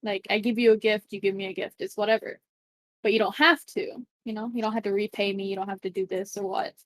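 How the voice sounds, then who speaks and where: Speaking fast in a steady, medium-pitched voice with a slight brightness, a woman co-hosts a casual podcast chat. She's candid and blunt and says "like" constantly, and the audio has no echo.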